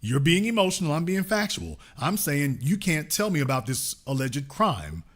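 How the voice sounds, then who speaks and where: A man's voice: fairly high pitch, big pitch swings, normal speed, a bit bright. A man hosting a call-in show, pressing a caller with repeated questions and cutting in with "ma'am.". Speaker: show host. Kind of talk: confrontational call-in debate.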